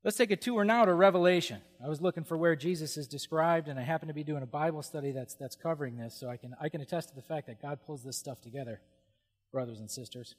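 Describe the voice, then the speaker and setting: A middle-aged male pastor preaching with lively humor and frequent exclamations of awe. His voice sits a little higher than most men's and rings with the long reverb of a big hall. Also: quick pace. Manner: animated, humorous, exclaims "whoa". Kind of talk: sermon.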